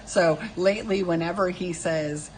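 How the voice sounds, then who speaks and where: A woman's voice: lowish voice, normal speed, darkish tone, a little hiss or hum, low-quality recording. A woman in her fifties chatting casually on a live stream while she draws, chatty and self-mocking, laughing often. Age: 50s. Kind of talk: casual chat while drawing.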